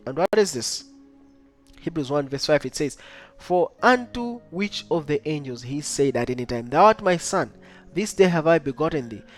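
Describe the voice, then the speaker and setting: A man teaching a Bible study lesson, reading verses aloud and keeping up a steady stream of rhetorical questions to his listeners. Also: fairly high pitch. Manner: keeps asking the listener rhetorical questions like "right?" and "what?"; reads scripture aloud in old-style wording.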